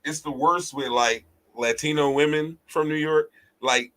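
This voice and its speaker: A man with a Philadelphia accent hosting a casual podcast chat, animated and joking, cursing freely. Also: fairly high pitch, unhurried, rough recording. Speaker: podcast host.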